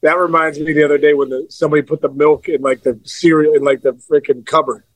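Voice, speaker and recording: A man co-hosting a podcast in casual chat, calling in from an airport and talking quietly, often restarting his sentences. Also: a little high, little pitch movement, poor audio. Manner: talks quietly with quick, repeated restarts. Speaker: podcast co-host.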